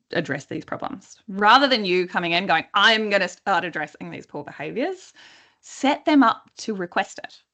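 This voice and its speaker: A woman's voice: mid-range voice, fairly bright tone. A woman coach teaching a webinar in a conversational way. She often checks in with her listeners and acts out quoted dialogue. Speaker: workplace coach.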